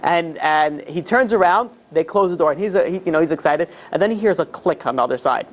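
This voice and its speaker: A man, a rabbi, telling a story to a live group in a casual, animated way, with many fillers and restarts. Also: a little high, fast talker, slight background noise. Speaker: rabbi teaching a class.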